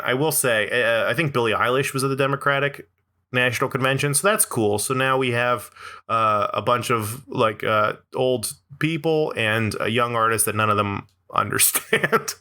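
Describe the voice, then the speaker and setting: A young man hosting his own podcast delivers a rambling, sarcastic comedic monologue, laughing between lines. He speaks a little slowly in a medium-pitched voice with a sharp tone.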